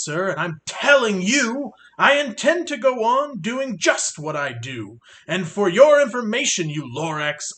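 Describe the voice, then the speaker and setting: Storybook tycoon, stubborn and greedy, yelling defiantly, as a male reader puts him on; lively and bright. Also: sits high, pitched above the performer's own voice, full character voice. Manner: shouting, defiant.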